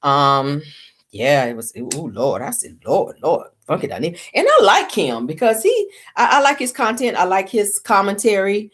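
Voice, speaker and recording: Sassy woman with a lively voice. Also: medium pitch, moderate pace. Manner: sassy, blunt, addresses viewers as "y'all" and "baby". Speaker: commentary channel host. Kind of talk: casual reality-TV gossip commentary.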